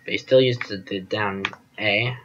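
A man's voice: fairly low pitch, steady tone, unhurried, dull audio, music in the background. A man giving casual gameplay commentary as host of his channel, rambling and self-deprecating, often trailing off with fillers.

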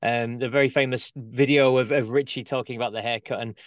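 A man's voice: mid-range voice, fairly even intonation, brisk, dry recording, clean studio sound. A man interviewing a guest in a casual, chatty way, laughing along with the stories.

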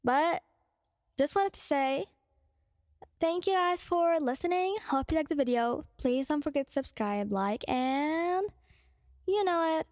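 A woman's voice: high-pitched, lively intonation, unhurried, a little mellow, no echo, clean studio sound. A woman who makes ASMR videos, chatting casually and ramblingly to her viewers. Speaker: ASMR creator.

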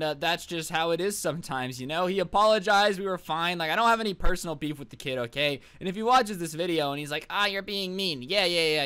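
A man's voice: fairly high pitch, fairly bright tone, clear, resonant tone. Sarcastic man telling a comic story. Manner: sarcastic, mocking, rambling storytelling. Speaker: storytime vlogger. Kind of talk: comedic storytime monologue.

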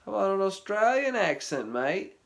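A man's voice: sits high, very animated, normal speed, gravelly, pitched above the performer's own voice, heavily acted. A man playing a bandmate who keeps slipping into put-on accents while writing lyrics. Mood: laid-back. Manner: jokey, changing accents mid-sentence.

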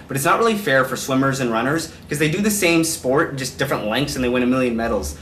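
Young male comedy vlogger from Canada firing off one-liners at a mid pitch, faint background hiss. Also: fairly bright tone. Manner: quick joking one-liners. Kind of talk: comedy vlog monologue. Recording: roomy echo, distant mic, faint noise.

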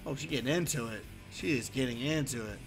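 A man's voice: medium pitch, quick pace, gravelly, music in the background. A man chatting casually as he reacts to a concert video, wondering aloud and easily impressed.

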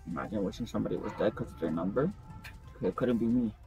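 A young man casually commenting on his own gameplay in slang, excitable and quick to yelp in surprise. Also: on the low side, faint music behind. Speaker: gaming streamer.

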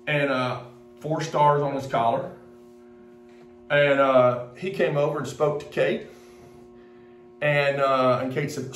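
A man, a pastor from Mississippi, telling a halting, rambling story in a sermon with many restarts. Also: a little high, steady tone. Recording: roomy echo, distant from the mic, faint music.

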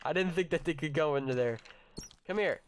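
A young man hosting a let's-play, chatting excitedly with his viewers and his pet, cursing when startled. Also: a little high, fairly quick, a little hiss or hum. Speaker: gaming channel host. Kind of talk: casual let's-play commentary.

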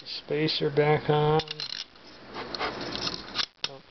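A man talks half to himself as he works, tossing out dry, self-mocking asides. The recording is dull and lo-fi. Loud mechanical clatter runs underneath his voice. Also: on the high side, completely flat delivery, drawn-out words, noisy background. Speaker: video maker tinkering with hardware. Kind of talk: casual running commentary while working.

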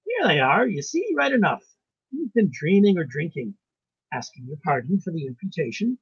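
A man reading aloud, voicing a big, blunt Irish country doctor with an Irish accent and a gruff, scolding manner. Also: on the high side, big pitch swings, moderate pace, no room sound, full character voice. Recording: muffled lo-fi recording.

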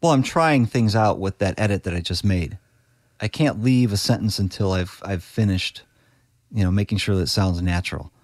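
Low-voiced man explaining practically. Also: moderate pace, darkish tone, dry recording, clean studio sound. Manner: practical, explanatory, with frequent restarts. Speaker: guest podcast editor. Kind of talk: conversational interview.

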